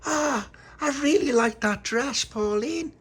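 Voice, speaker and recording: A man voicing an excited little girl who stumbles over her words. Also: on the high side, normal speed, pitched above the performer's own voice, close to an everyday voice. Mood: admiring. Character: gushing little girl Dolores.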